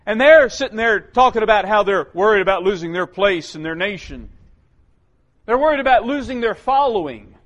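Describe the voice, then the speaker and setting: Male preacher, high voice, dynamic sermon delivery with loud peaks and hushed lows. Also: lively intonation, brisk. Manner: dynamic, swinging from loud emphatic calls to low quiet lines.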